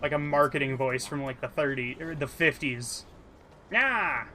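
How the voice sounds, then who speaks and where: A man's voice: mid-range voice, fairly even intonation, normal speed, bright, forceful tone. A tired man streaming a game live, chatting casually and breaking into exclamations and laughter. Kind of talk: casual gaming stream chat.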